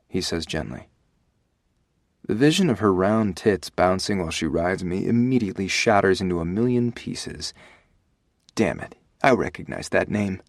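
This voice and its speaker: A man reading a first-person audiobook, expressive and giving voice to the dialogue. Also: low voice, moderate pace, no room sound, clean studio sound. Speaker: audiobook narrator.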